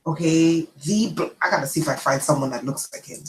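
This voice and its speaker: A woman's voice: deep voice, brisk, echoey room, slight background noise, poor audio. A woman host telling a personal story in a casual livestream chat, often checking in with her listeners. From immigrant to the United States. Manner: chatty, animated, checks in with "okay?". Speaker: channel host.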